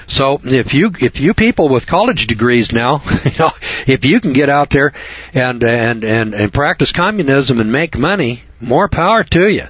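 A man's voice: mid-range voice, animated, normal speed, a bit bright, husky, no room sound. A middle-aged man hosting a radio talk show, folksy and sarcastic, rambling with repetitions. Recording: dull dry lo-fi radio recording.

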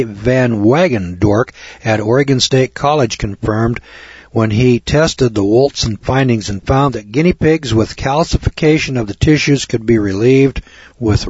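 A man's voice: medium pitch, darkish tone, breathy edge, no room sound, highs cut off. A man giving a lecture, reading aloud from a text and adding emphatic, preachy commentary with mocking asides to his audience.

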